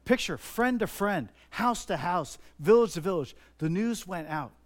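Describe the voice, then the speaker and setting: High-voiced man preaching earnestly. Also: expressive, measured pace. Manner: earnest, repetitive, rises to emphatic stresses. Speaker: pastor. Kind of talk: sermon.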